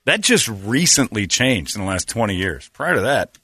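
Man, middle-aged, radio host, animated storyteller, swinging pitch, dry close sound. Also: normal speed, slightly rough, dry recording. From Phoenix, Arizona. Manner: animated storyteller, acts out characters in raised voices. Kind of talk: casual morning show banter and storytelling.

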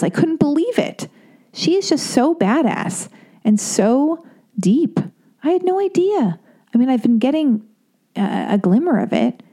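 A woman in her thirties talking in a casual, rambling monologue, stuttering and restarting as she gets worked up. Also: a little high. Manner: rambling, animated, self-interrupting with restarts and stutters; quotes others in acted voices.

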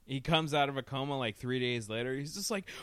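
Animated, swearing man on a podcast. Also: mid-range voice, a little fast, clean tone, no echo. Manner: animated, profane storytelling. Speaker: podcast co-host. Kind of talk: casual podcast chat.

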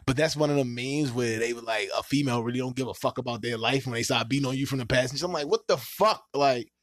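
A man hosting a podcast, telling a story in casual, profane talk and acting out quotes with sudden leaps in pitch. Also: fast talker, no echo, studio quality. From Washington, D.C. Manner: animated, profane, acts out quotes with big pitch jumps. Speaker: podcast host.

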